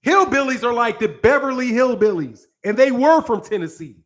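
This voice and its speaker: A man's voice: extremely high pitch, very animated, normal speed, a bit bright. An American man hosting a boxing channel, ranting in a casual, profane, slangy way with plenty of rambling and restarts. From United States.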